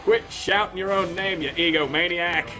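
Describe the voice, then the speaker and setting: A man's voice: sits high, fairly even intonation, moderate pace, pushed and bright, soft background music, voice pushed up. A man voicing a tiny, brash male sidekick who needles others sarcastically. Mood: mocking.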